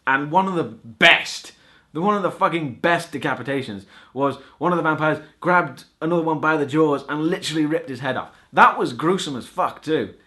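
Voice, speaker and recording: A man's voice: a little high, moderate pace, sharp tone. A man giving a casual spoken film review, sarcastic and swearing a lot, often stumbling and restarting his sentences.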